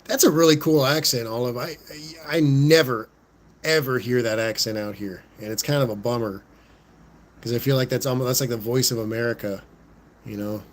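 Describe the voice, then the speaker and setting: Holding a phone in his hand, a man with a Southern Californian accent hosts a casual livestream and reads out viewer comments. His mid-range voice runs a little fast, laid-back and full of "like," "rad" and "dude." There's a bit of hiss or hum on the recording.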